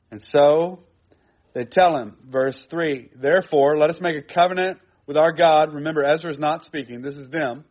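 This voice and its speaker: A man's voice: on the high side, moderate pace, dull audio. A man teaching a sermon in a conversational way, repeating phrases for emphasis. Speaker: pastor. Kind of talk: expository sermon.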